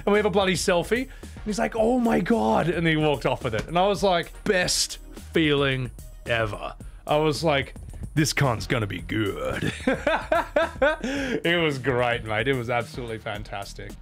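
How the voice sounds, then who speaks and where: Animated swearing man telling a story. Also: a little high, normal speed, faint music behind. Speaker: vlogger. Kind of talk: casual storytelling vlog.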